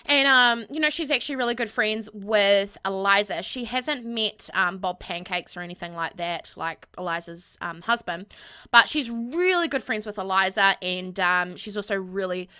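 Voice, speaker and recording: Bright chatty young woman. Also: mid-range voice, normal speed, clean tone. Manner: chatty, rambling, with many fillers. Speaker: gameplay vlogger. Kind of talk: casual gameplay storytelling.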